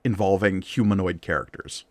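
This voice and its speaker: A man's voice: deep voice, moderate pace, darkish tone, dry recording. A man co-hosting a podcast, talking casually and thoughtfully, with lots of "like" and "uh" as he works out his points. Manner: thoughtful, hedging with "like" and "uh". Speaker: podcast co-host. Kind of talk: casual comic-book discussion.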